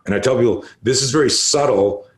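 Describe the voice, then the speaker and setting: A man in his late fifties, a martial arts instructor telling stories as a podcast guest in an animated, emphatic way, with plenty of swearing. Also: mid-range voice, fairly quick. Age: late 50s. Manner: animated, emphatic storyteller who swears freely. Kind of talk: casual storytelling interview.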